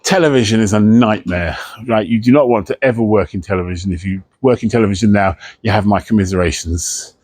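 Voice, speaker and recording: A man's voice: lowish voice, quick pace, a little mellow, dry recording. A man, an author answering questions at a library talk, chatty and wry, swearing freely and slipping into comic voices. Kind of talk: live author Q&A, casual anecdotes. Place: library event room, indoors.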